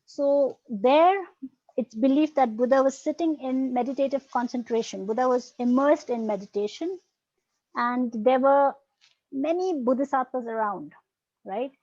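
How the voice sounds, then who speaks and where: Teaching Buddhist philosophy online via video call, a woman speaks at a measured pace in a high, slightly mellow voice with no echo. She explains things patiently and frequently asks "right?" or says "okay," all in dull lo-fi audio.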